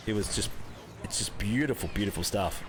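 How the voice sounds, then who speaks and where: A man's voice: on the low side, a little fast, background noise. A young Australian man hosting a live gaming stream, chatting casually with viewers, greeting them by name and laughing often.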